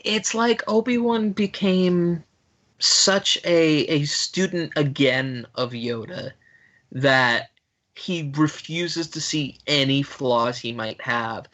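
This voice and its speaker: A man co-hosting a podcast, making a deliberate argument in casual chat. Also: on the high side, bright, forceful tone. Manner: slow, deliberate arguing. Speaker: podcast co-host. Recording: dull lo-fi podcast audio.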